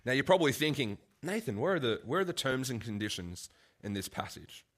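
A man's voice: medium pitch, very animated, fairly quick, fairly bright tone. A man preaching a casual, conversational sermon, full of asides and restarts.

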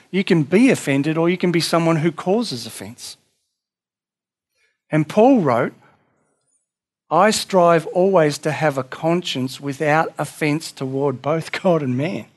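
A man preaching a sermon in an earnest, conversational way, acting out little dialogues as he goes. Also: a little high. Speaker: pastor.

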